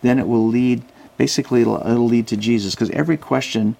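Gravelly man telling lively anecdotes. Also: mid-range voice, fairly quick. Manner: animated anecdotes, acts out quoted voices. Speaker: guest, Christian outreach worker. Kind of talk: casual interview storytelling. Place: Salt Lake City.

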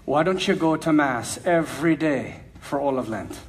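A man puts on a kindly old Irish priest in a low, calm voice that teases gently, patient and warm-hearted. The voice sits well below his usual high, lively register, with a slight distance at times. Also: moderate pace, a little hiss or hum, natural voice. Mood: coaxing.

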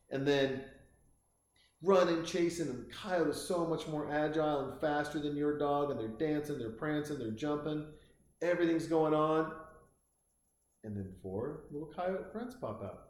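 A man's voice: a little high, moderate pace, darkish tone. Rambling, profane man in an echoey room. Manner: rambling, profane, with frequent restarts. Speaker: host. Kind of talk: casual comic monologue.

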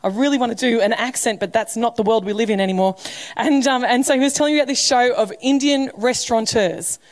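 A woman's voice: fairly high pitch, fast. Woman preaching conversationally. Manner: conversational, humorous preaching with acted quotes. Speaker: pastor. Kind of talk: sermon. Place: church.

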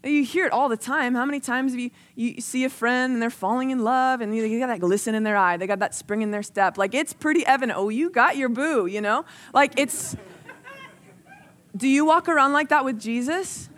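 Brisk and fairly bright, a woman with a highish voice preaches into a mic. Her conversational, earnest delivery centers on personal stories dotted with "like," growing more intense as she goes.

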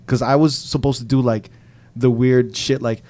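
A man's voice: medium pitch, normal speed. Profane, storytelling man DJ. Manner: profane, animated storytelling with quoted voices. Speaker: DJ telling a story. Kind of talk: casual podcast chat.

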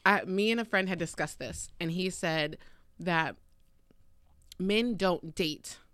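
A frank young woman co-hosting a casual podcast, with a voice a little low for a woman. She talks bluntly and laughs easily. The sound is dry and close to the mic. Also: takes it slowly, fairly bright tone, clear, resonant tone, no room sound. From Pacific Northwest of the US. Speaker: podcast co-host. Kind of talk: casual chat.

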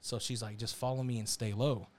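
A young man telling a story in casual chat, animated and slangy, acting out the quotes. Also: mid-range voice, a little fast, slight background noise. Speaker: storyteller on a podcast.

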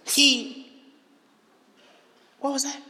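A man preaching a charismatic sermon, emphatic and animated, breaking into shouts and asking the congregation questions. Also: extremely high pitch, very slow, a little hiss or hum. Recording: echoey hall.

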